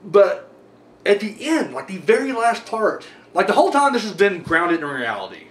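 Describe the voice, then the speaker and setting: A man casually reviewing horror movies on his own, rambling and swearing freely with animated asides. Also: high voice, normal speed. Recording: echoey room with faint hum.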